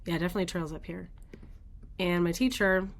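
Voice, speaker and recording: A woman's voice: fairly low pitch, fairly even intonation, fairly quick. A woman hosting a daily weather radar show, thinking aloud in casual, rambling commentary as she looks at the maps.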